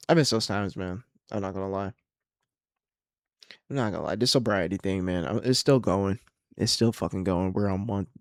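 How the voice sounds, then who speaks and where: Low-voiced profane rambling guy. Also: no room sound, studio quality. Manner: rambling, profane, self-mocking. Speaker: podcast host. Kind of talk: casual solo podcast monologue.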